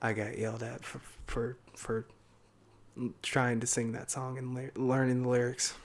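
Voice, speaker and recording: A man's voice: medium pitch, flat delivery, unhurried. A young adult man, a podcast guest in a casual chat, talking loosely, swearing and laughing often.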